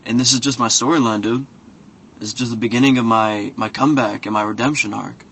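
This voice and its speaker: A man's voice: mid-range voice, fairly even intonation, fairly quick, vocal fry, fairly bright tone, slight background noise. A man voicing a dreamy male fighter who rambles earnestly and mixes up his sayings.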